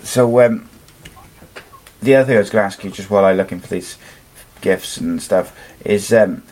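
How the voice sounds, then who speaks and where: A man's voice: fairly low pitch, moderate pace, darkish tone. Rambling British-based man chatting. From United Kingdom. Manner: rambling, swears freely. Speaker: podcast host. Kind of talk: casual chat.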